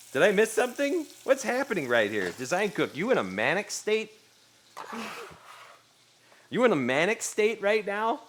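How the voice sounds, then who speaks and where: A man's voice: on the high side, a bit bright, slight background noise. A man streaming himself cooking, chatting casually and playfully with his viewers and laughing often.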